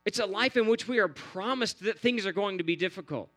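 Man, pastor, sermon, earnest repetitive cadence, higher-pitched, hum in background. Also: fairly quick, fairly bright tone.

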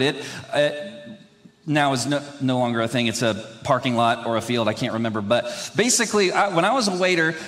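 Here a young man with a mid-range, fairly bright voice gives a casual sermon in a hall with long reverb. His preaching wanders and restarts, and he keeps laughing at himself in a self-deprecating way.

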